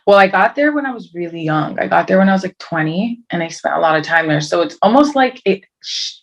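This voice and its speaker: Young woman guest, low gravelly voice, chatty and rambling, video-call sound. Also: animated, fairly quick, rough recording. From Toronto, Canada. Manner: chatty, rambling with many likes and restarts. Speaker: guest singer. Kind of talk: casual interview over video call.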